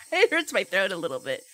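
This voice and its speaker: A young woman streamer chatting casually with her viewers, giggly and playful, loudly reacting to chat. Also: mid-range voice, dry recording.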